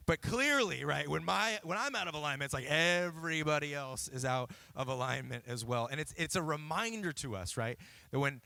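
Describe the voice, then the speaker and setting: A man's voice: a little high, lively intonation, normal speed, creaky, bright, forceful tone, no room sound. A man in his thirties preaching a sermon in a church, telling stories in a conversational way and often checking in with "right?". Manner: conversational storytelling with frequent "right?" asides. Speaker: pastor.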